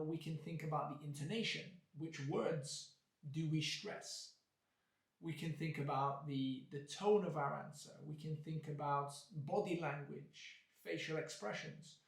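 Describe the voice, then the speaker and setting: A man teaching an English lesson, explaining clearly and acting out examples with exaggerated intonation. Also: a little high. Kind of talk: video lesson. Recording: echoey room.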